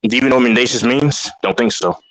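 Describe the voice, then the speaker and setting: A man arguing on a heated online debate panel, talking fast, defensive and repeating himself. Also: medium pitch, no echo, poor audio.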